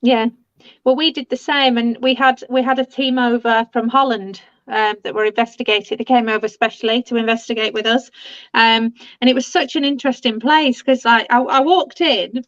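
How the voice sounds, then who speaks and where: A woman's voice: on the high side, fairly even intonation, normal speed, no room sound, highs cut off. A woman hosting a casual chat, talking in a chatty, rambling way with many "you know"s.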